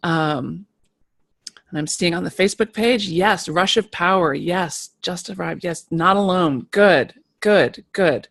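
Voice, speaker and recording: A woman giving a live motivational talk to an online group of creative people, emphatic and animated, repeating key phrases. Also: fairly low pitch, slow pace, vocal fry.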